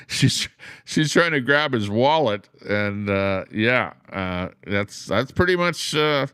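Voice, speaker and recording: A man hosts a laid-back livestream, drifting between topics with plenty of "uh" fillers and greeting viewers by name. His voice sits low and comes across smooth and clean. The recording is dry, with no room sound. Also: lively intonation, normal speed, fairly bright tone, dry recording. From Canada. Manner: rambling, with many "uh" fillers; friendly, greets chatters by name. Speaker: livestream host. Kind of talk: casual livestream chat.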